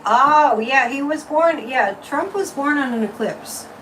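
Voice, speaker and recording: A woman hosting a psychic livestream, reading viewer comments and pulling tarot cards in an opinionated, casual chat with lively swings in pitch and loudness. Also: unhurried. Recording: distant mic with faint room noise.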